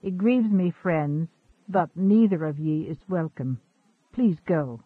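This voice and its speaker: A man playing a calm, pious Quaker farmer who speaks courteously in old thee-and-thou phrasing. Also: on the high side, slow, slightly rough, no echo, phone-quality sound.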